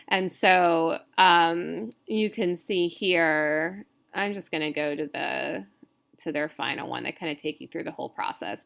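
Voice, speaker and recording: A woman's voice: on the low side, creaky, a bit bright. A woman teaching a poetry class in a recorded lecture, thinking aloud, hesitant and often correcting herself. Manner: counts stresses aloud. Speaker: poetry instructor. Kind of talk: recorded screen-share lecture.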